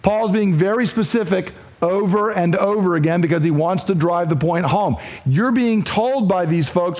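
Male preacher, high voice, emphatic, drives points home by repetition. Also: unhurried, few pauses, a little mellow. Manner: emphatic, repeats points for stress. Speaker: pastor. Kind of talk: expository sermon.

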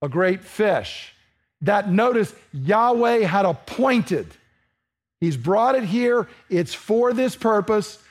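A man's voice: sits high, takes it slowly. A man preaching a sermon to a congregation, asking them questions and acting out the dialogue of the story. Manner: animated, asks the congregation questions, acts out dialogue.

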